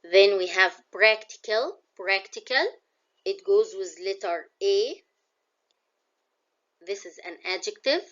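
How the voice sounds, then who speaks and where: A woman's voice: mid-range voice, slow pace, long pauses, fairly bright tone, highs cut off. A woman with an Egyptian accent teaching a classroom English vocabulary lesson. She explains words in English and glosses some of them in Arabic.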